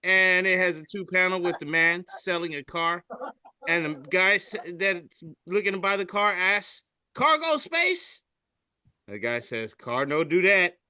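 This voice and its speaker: A man's voice: high voice, normal speed, pushed and bright, clear, resonant tone, no room sound. A man co-hosting a podcast, reading memes aloud in casual chat, swearing freely and voicing the quotes. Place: studio.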